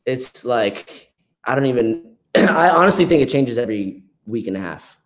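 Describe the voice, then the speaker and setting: Chill young dude on a podcast talking about dancing, lots of likes and mans. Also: male voice, medium pitch, expressive, moderate pace. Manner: laid-back, says "like" and "man" a lot. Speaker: podcast guest, dancer. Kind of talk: casual interview chat.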